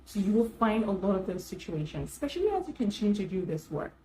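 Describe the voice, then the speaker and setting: Woman coach, chatty storyteller, mid-pitched voice, talks right to viewers, laughs a lot, faint noise behind. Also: fast, rough recording. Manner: animated, laughs often while telling stories. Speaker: self-care coach for professional women. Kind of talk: casual storytelling vlog.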